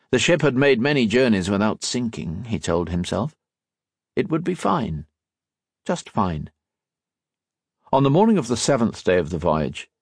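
A man narrating an audiobook in an expressive storytelling manner. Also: fairly low pitch, no echo, clean studio sound. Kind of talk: scripted narration.

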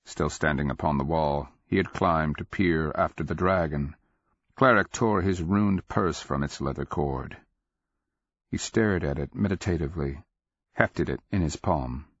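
A man narrating a fantasy audiobook in a measured, grave, deliberate way. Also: a bass voice, slightly rough, no echo. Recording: dull lo-fi audio.

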